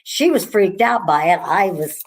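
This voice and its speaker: A woman who owns a haunted house, chatting casually in a relaxed, rambling way with frequent restarts. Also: lowish voice, unhurried. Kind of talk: casual conversation.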